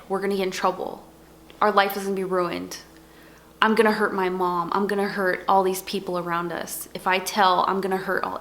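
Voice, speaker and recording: A woman's voice: medium pitch, fairly bright tone. A young adult woman speaking earnestly in a personal testimony vlog, leaning on repeated words for emphasis. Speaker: vlogger.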